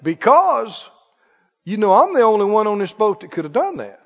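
Man, preacher, sermon, very high lively voice, rhetorical questions. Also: normal speed. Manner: rhetorical questions, playful and emphatic. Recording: echoey hall, dull sound.

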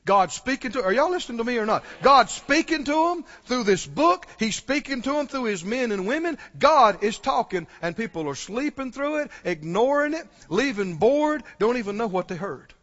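A man's voice: very high voice, big pitch swings, normal speed, hardly any pauses, fairly bright tone. A man preaching a sermon, urgently pressing his congregation with questions. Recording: dull recording, long hall reverb.

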